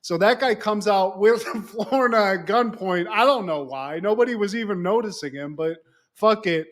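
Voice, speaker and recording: A man co-hosting a podcast, retelling a movie in casual, animated, profane storytelling. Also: sits high, normal speed. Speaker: podcast co-host.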